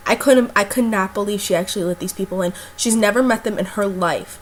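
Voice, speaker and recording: A woman's voice: medium pitch, fast talker, hardly any pauses, a little hiss or hum. A young woman vlogger telling a personal story in a casual, blunt way, with lots of fillers and swearing.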